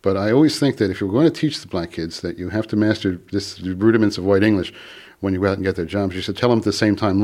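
Thoughtful low-voiced man on radio. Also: quick pace, darkish tone. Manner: hesitant, thoughtful, with many fillers. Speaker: radio guest, language author. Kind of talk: call-in radio conversation.

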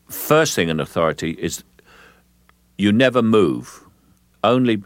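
Deep-voiced older man from London. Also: no room sound. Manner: measured, deliberate, with frequent restarts and low chuckles. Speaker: actor, interview guest. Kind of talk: relaxed, anecdotal interview talk.

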